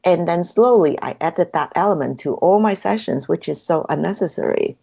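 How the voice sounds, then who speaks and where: A woman's voice: lowish voice, animated, normal speed, creaky, dark tone, slightly rough. A woman guest in an interview, earnestly telling her story and acting out her own inner dialogue in a dull, lo-fi recording. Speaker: hypnotherapy practitioner, guest.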